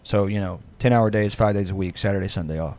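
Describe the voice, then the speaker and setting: A man's voice: on the low side, fast, darkish tone. A man co-hosting a podcast in casual chat, rambling and profane with lots of fillers, laughing often. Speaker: podcast co-host.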